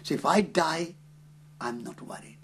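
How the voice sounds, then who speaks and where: A man from India, telling a story in an interview in an earnest, unhurried way with hesitant fillers. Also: on the high side, fairly bright tone, a little hiss or hum.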